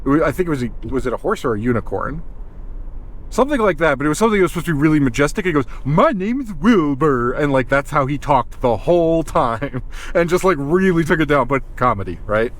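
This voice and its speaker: A man's voice: on the high side, animated, quick pace. A man who films wildlife, talking casually to the camera in his vlog, thinking aloud, restarting sentences and drifting between topics. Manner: chatty, self-interrupting, thinks aloud. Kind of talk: casual rambling vlog monologue. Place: in a car, then outdoors in a cold parking lot.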